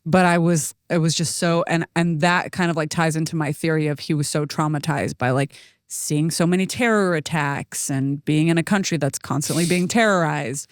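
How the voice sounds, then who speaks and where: A young adult woman, a podcast co-host, telling a story in casual chat, animated and laughing often. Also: deep voice, moderate pace, dry recording, studio quality. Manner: animated, laughs often, acts out quoted voices.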